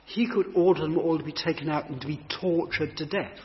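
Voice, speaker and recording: A preacher reads scripture aloud in a brisk, slightly high voice, then reflects on the Bible passage thoughtfully in an explanatory sermon. The sound is dull and lo-fi, with long hall reverb.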